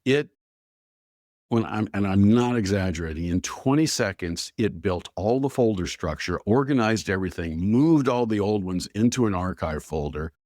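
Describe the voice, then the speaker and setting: A man being interviewed as an expert guest, telling stories in an animated way and acting out the dialogue he quotes. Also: fairly low pitch, moderate pace, no room sound, clean studio sound. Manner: animated storyteller who acts out quoted dialogue, with filler "blah, blah". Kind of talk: conversational podcast interview.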